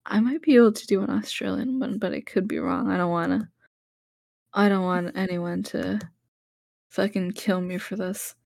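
A woman's voice: mid-range voice, steady tone, moderate pace, creaky, darkish tone, no echo, clean studio sound. A tipsy woman chatting casually, giggling often and swearing freely. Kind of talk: casual chat.

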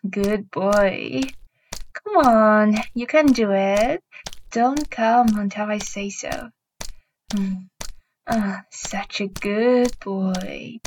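A woman voicing a dominant, teasing adult partner in an intimate audio role-play, speaking in a commanding way with breathy moans. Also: mid-range voice, a little mellow, a little hiss or hum.

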